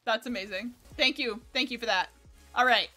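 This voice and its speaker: Woman game streamer, high voice, bright tone, chatty and excitable, faint game music behind. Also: moderate pace. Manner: chatty, excitable, swears and laughs. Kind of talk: live gameplay commentary.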